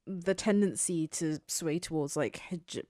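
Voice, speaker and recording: A woman co-hosting a casual podcast discussion, relaxed and a little hesitant with fillers. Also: deep voice, unhurried, no room sound, clean studio sound. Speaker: podcast co-host.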